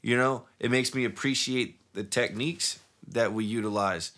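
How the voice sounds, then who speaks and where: A man who is a rapper and podcast co-host chats in a recording studio, laid-back and rambling, swearing freely. His mid-range voice is a bit bright, with fairly even intonation and a moderate pace.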